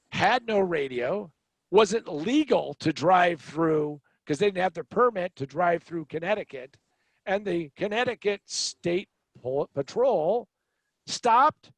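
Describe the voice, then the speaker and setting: A middle-aged man hosting a podcast, telling a travel story in an animated, wry and sarcastic way. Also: on the high side, gravelly, no room sound. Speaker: podcast host. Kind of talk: storytelling anecdote.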